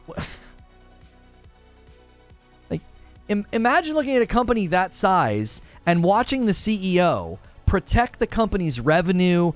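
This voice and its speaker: A man hosting a talk show, giving argumentative and sarcastic commentary and laughing at his own points. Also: sits high. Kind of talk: opinionated commentary.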